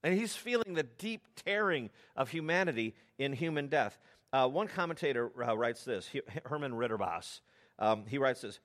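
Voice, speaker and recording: A middle-aged American pastor delivers a sermon at a normal pace in a mid-range voice. He tells stories conversationally, tossing in lively asides.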